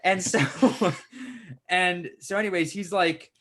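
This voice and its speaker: A man's voice: high voice, takes it slowly, a little hiss or hum. A man co-hosting a podcast, telling a story in casual chat and swearing a lot. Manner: swears a lot, animated retelling. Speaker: podcast co-host.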